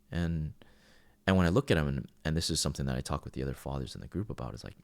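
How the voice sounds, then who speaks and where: Very deep, gravelly-voiced man. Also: expressive, quick pace, dry recording. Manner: earnest, with frequent restarts. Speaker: podcast host. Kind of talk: casual spoken monologue.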